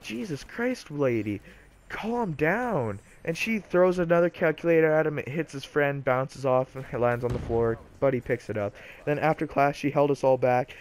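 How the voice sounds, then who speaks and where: A man's voice: medium pitch, a little hiss or hum. A teenage boy casually telling a storytime vlog in a loose, chatty way full of fillers. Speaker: vlogger, storyteller.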